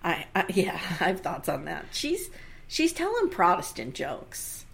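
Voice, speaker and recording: A woman's voice: fairly low pitch, unhurried, creaky. A woman co-hosting a casual podcast, recapping a TV episode with frequent laughter and acted-out lines. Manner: animated storyteller who laughs often and acts out lines. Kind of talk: casual chat.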